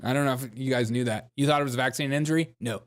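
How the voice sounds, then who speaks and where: Over a noisy background, a man hosting a show rips into political clips, laughing sarcastically and switching between voices. His medium-pitched voice keeps a steady tone while he speaks very fast.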